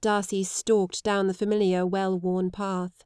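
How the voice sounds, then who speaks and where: A woman narrating a period romance audiobook in a measured storytelling manner. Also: mid-range voice, little pitch movement, dark tone, clear, resonant tone, no echo, clean studio sound.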